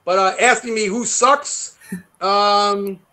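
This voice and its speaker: New man, high bright voice, loose profane raconteur. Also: steady tone, slow pace. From New York. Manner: swearing, rambling storyteller who laughs often. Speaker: guest guitarist. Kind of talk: casual interview chat.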